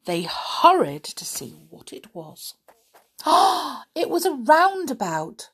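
A woman's voice: a little high, very animated, unhurried, husky. A woman reading a children's storybook aloud expressively, speaking to a young listener.

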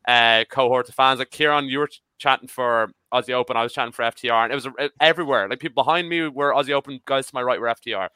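A man of about thirty chatting as a podcast panelist, excitable and swearing casually. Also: medium pitch, fast, few pauses, smooth, dry recording. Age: 30s. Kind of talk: casual chat.

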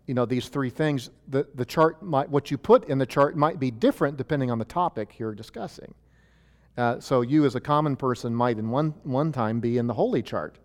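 A man's voice: medium pitch, long reverb tail. A male pastor teaching a sermon from a chart, talking in a conversational way with many fillers and restarts.

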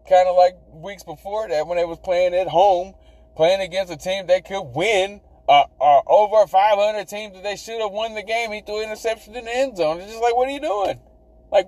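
A man's voice: a little high, mellow, dry recording, rough recording. A man hosting a sports podcast, talking casually and animatedly, rambling, repeating himself and swearing as he goes. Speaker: podcast host.

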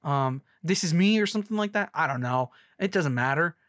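A man's voice: fairly high pitch, lively intonation, a little fast, a bit bright, no echo. Young guy ranting about a movie, sarcastic, rambly, dry close sound. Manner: rambling, sarcastic, many restarts and mocking voices. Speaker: movie reviewer. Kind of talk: casual movie rant.

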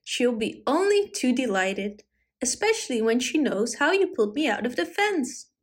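A woman voicing a small, excitable boy piglet in a storybook, squeaking and eager. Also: moderate pace, slightly rough, full character voice.

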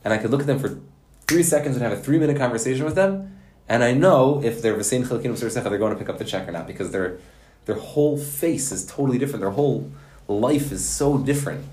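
A man teaching a Torah lesson to yeshiva students, telling stories in a lively, folksy way with Hebrew and Yiddish words. His voice sits at an ordinary middle pitch, and the sound rings in a roomy space. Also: fast talker. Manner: animated, folksy storytelling with Hebrew and Yiddish terms. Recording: roomy echo.

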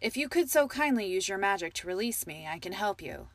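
A woman doing a calm wise wizard. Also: medium pitch, fairly quick, no echo. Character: calm wise male wizard, dry and wry.

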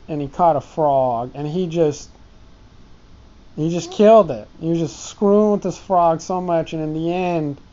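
A man's voice: fairly high pitch, mellow, highs cut off. A man talking to his pet ant in a casual, meandering stream-of-consciousness monologue, often breaking off and chuckling.

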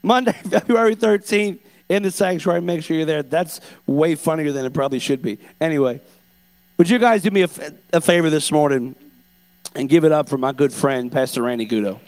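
A man's voice: on the high side, fairly quick, darkish tone. A man hosting in a church, hyping the crowd with energy and introducing the guest pastor. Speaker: church host.

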